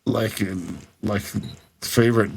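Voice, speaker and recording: A man's voice: on the low side, fairly even intonation, slow pace, a little mellow, husky. A man co-hosting a comedy podcast, teasing the others and laughing. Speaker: podcast co-host. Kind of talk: casual comedy chat.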